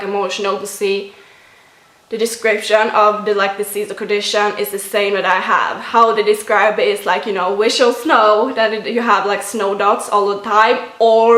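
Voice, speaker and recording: A woman's voice: mid-range voice, a bit bright. A woman in her twenties with a Swedish accent, talking to camera in a casual, chatty way full of fillers. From Sweden. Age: 20s. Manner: chatty, many fillers like "like" and "you know". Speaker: vlogger. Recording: roomy echo.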